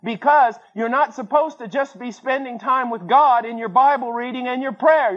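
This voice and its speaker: A man preaching a sermon, telling stories with acted-out voices and swinging between loud bursts and quiet asides. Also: very high-pitched, moderate pace, hardly any pauses. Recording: dull lo-fi sermon recording.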